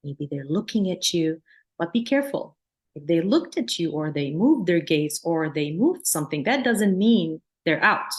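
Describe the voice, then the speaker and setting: Earnest woman psychologist teaching. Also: fairly low pitch. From Palestine, raised in Jordan. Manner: earnest, explanatory, demonstrates soothing sing-song tones. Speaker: psychologist and lecturer. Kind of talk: teaching a workshop.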